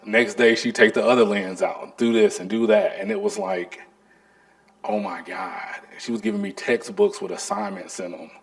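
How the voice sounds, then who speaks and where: Guy in his 40s telling stories at an artist talk, real gravelly, voice jumps all over. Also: mid-range voice, moderate pace, hardly any pauses. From North Carolina. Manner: animated, acts out the people in his stories. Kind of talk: storytelling lecture.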